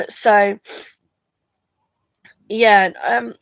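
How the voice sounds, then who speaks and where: A woman's voice: mid-range voice, fairly even intonation, measured pace, creaky, no echo. A drowsy woman chatting casually on a live stream, rambling and yawning between thoughts. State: drowsy from medication. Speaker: vlogger going live.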